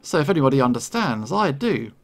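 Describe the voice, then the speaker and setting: A man's voice: medium pitch, very animated, a little fast, gravelly. A man reading out the lines of a smug, scheming male bully in a game, in a mocking, gloating manner. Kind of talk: reading game dialogue aloud.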